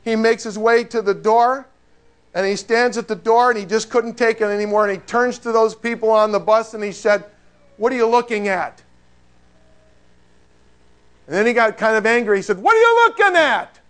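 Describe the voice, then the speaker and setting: A man preaching a sermon as pastor, telling a story with emphasis and then praying in a hushed voice. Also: sits high, fairly even intonation, moderate pace, pauses often, clean tone.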